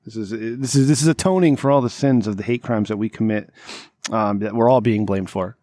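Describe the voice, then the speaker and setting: A man's voice: lowish voice, fairly quick, dark tone, dry recording, clean studio sound. A man hosting a comedy podcast, rambling and sarcastic with a lot of swearing, groggy from having just woken up. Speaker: podcast host. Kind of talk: casual comedic podcast chat.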